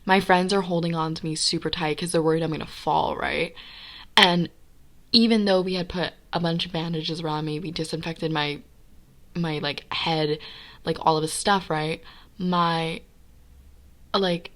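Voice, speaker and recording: A young woman recounting a story on a podcast, her voice sitting a little low for a woman. She talks casually and animatedly, leaning on fillers like "like" and "right?" as she goes. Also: fairly even intonation, unhurried, a bit bright. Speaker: podcast guest telling a personal story.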